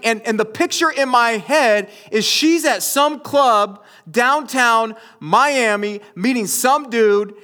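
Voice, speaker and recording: A man's voice: very high-pitched, bright, forceful tone. A man preaching a sermon in a conversational storytelling way, often speaking to his listeners as you guys. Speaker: pastor.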